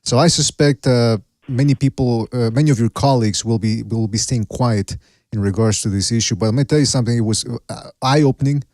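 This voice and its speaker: Quick-talking male podcast host. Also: medium pitch, darkish tone, dry recording. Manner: quick, easygoing. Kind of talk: casual chat.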